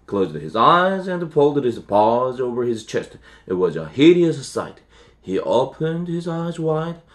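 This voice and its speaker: Man reading a storybook aloud. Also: mid-range voice. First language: Korean. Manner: unhurried, with self-corrections and fillers. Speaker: English teacher. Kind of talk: reading a children's novel aloud.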